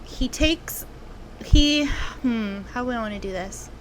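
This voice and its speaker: A woman game master narrating a tabletop role-playing game, telling the story unhurriedly with frequent ums and pauses. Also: on the high side, a little hiss or hum.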